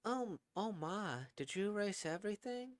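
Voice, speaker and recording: A man doing a soft-spoken motherly woman. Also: high voice, animated, no room sound, pitched above the performer's own voice. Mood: fond. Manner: soft, fond and unhurried.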